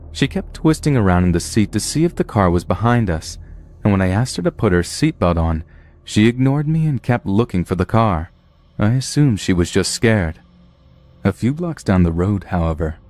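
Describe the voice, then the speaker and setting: A man with a deep, low-pitched voice reads a scripted horror story. His telling is blunt and profane, with a plain, steady delivery. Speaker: narrator.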